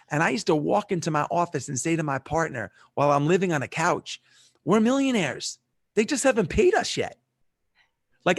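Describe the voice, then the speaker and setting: A man's voice: a little high, fairly bright tone, no room sound, studio quality. Emphatic middle-aged man telling stories. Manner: emphatic, punchy delivery with quick restarts. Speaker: podcast guest. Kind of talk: animated storytelling in conversation. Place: remote call.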